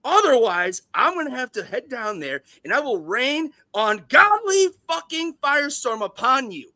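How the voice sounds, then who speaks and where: A man's voice: extremely high pitch, big pitch swings, normal speed, no room sound, voice pushed up, exaggerated voice. A man doing a raging, foul-mouthed studio boss. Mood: raging threats. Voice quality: yelling, threatening, profane.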